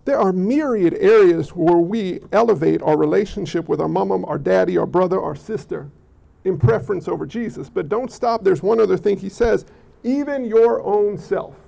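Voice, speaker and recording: A high-voiced man with a gravelly edge, preaching with lively energy and frequent restarts. The recording is muffled and lo-fi. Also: normal speed. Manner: animated, repeats words, acts out quoted people. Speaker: pastor. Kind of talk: sermon. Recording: dull lo-fi recording.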